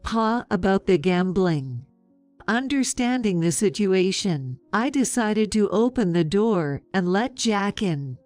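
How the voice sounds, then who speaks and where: A woman in her fifties narrating a story in a calm, measured, sarcastic way. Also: medium pitch, no room sound, soft background music.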